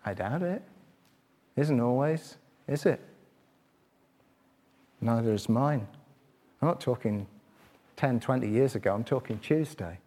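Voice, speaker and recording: A middle-aged man preaching a sermon, asking his listeners direct questions and swinging between loud, quick passages and quiet, slow reflection. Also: mid-range voice, lively intonation. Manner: rises loud and fast when stirred, drops quiet and slow to reflect.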